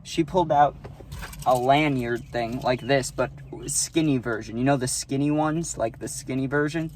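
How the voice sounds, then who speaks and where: A man's voice: medium pitch, moderate pace, a little mellow, a little hiss or hum. A young adult man telling a casual storytime, rambling and profane, often tagging on "right?".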